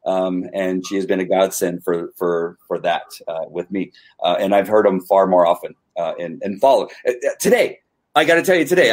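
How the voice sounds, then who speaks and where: Earnest, halting man sharing a testimony. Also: sits low, darkish tone. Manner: earnest, halting, with frequent restarts and fillers. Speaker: podcast host. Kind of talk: personal testimony in casual conversation.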